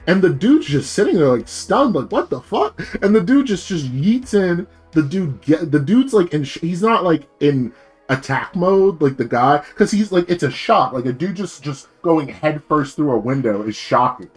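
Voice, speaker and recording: A man's voice: a little high, lively intonation, moderate pace, husky, faint music behind. A man streaming as a VTuber, rambling in a casual rant full of fillers and swearing.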